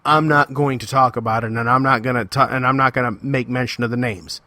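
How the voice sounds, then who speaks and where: A man talks alone on his podcast in a heated, confrontational way, hammering his points home by saying them again. His voice is bright and forceful at a middle pitch. The sound is dry and close. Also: fairly even intonation, brisk, no room sound. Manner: repetitive, emphatic phrasing. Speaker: podcast host. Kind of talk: solo podcast monologue.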